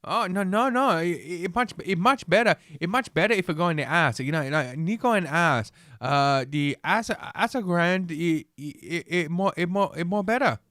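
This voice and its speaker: A crude mock official speaks in broken English with a pitch well above normal speech, as a male podcast host puts him on. The accent is broad and exaggerated, with a sing-song lilt. The delivery is loud and jeering. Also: moderate pace, few pauses, dry recording, clean studio sound. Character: mocking caricature of a foreign official, broken English.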